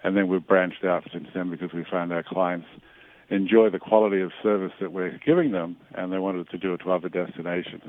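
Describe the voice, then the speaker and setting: Australian man on a tinny phone line. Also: sits low. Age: older. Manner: chatty, storytelling, restarts often. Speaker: travel company owner, guest. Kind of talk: radio interview. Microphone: phone call.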